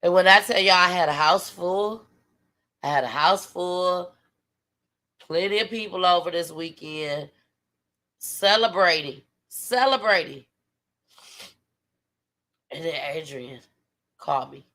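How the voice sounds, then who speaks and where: A tired woman hosting her own livestream, speaking from the heart to her viewers. Her voice sits fairly low and has a gravelly rasp. Now and then her words sink to a near whisper. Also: measured pace, pauses often, bright, forceful tone. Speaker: livestream host. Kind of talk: emotional livestream talk.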